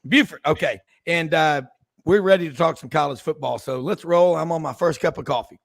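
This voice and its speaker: Casting: male sports radio host, high-pitched and gravelly, folksy, quick to exclaim. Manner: folksy and excitable, exclaims often. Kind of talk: casual sports radio chat.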